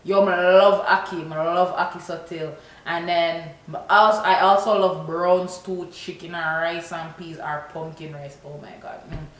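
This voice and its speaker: A woman's voice: on the low side, moderate pace. A woman with a Jamaican accent chatting casually to camera, mixing Patois into her speech and saying "yo" often. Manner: lively, mixes Patois into her talk, says "yo" often. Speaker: vlogger. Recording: roomy echo.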